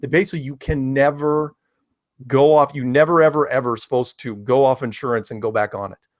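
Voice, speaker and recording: A man of middle pitch talks casually as a guest on a call-in style show. He tells long anecdotes in a rambling way, stumbling and repeating words. The sound is dry and close. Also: fairly even intonation, fairly quick, no echo. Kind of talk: casual chat.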